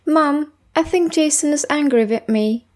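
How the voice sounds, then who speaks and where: A woman's voice: sits high, a little slow. A woman reading as a playful young girl. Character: young girl, teasing then apologetic.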